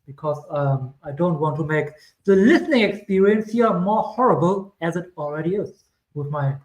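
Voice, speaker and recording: A man's voice: a little high, lively intonation, moderate pace, darkish tone, echoey room, poor audio. A man with a German accent giving casual crypto chart commentary, rambling and correcting himself with chatty asides. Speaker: crypto streamer.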